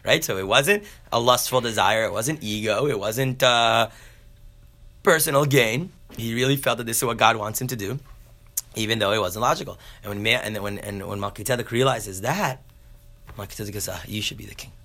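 A man telling a story in a casual Torah class, acting out the characters in a folksy, animated way. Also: fairly low pitch, moderate pace. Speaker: Torah teacher.

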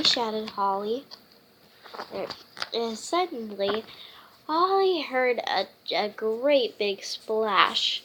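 A woman reading a children's picture book aloud as a storytime host, halting often with fillers and restarts. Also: a little high, expressive, background noise. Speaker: storytime reader.

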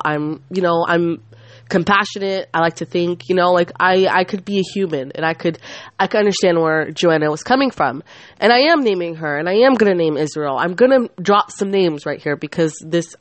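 A woman in her twenties hosts a podcast in a lowish voice with no echo. She vents angrily in a casual monologue, rambling and swearing and often cutting herself off mid-sentence.

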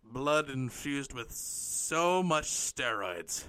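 A man's voice: medium pitch, expressive, drawn-out words, pushed and bright, clean tone. A man improvising a comic story, rambling and playful, often breaking into giggles.

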